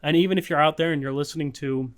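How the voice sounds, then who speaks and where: A man's voice: a little high, steady tone, racing. A man co-hosting a casual podcast, telling a story in a rambling, profane way, with frequent fillers and laughs. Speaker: podcast co-host.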